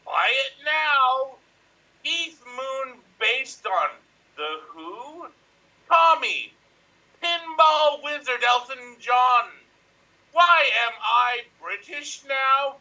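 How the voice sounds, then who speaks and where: Man doing wild muppet drummer, high and swooping, broken caveman speech, bright, distant video-call sound. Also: animated, drawn-out words, heavily acted. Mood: manic.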